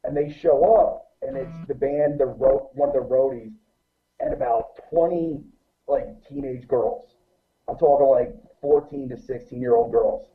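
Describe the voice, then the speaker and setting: A man spins a lively, swear-filled story about a night at a show. His voice comes through thin and phone-like, with a middling pitch. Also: measured pace. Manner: animated, profane anecdote-telling. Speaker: guest musician. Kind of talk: casual storytelling. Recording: tinny phone-like line.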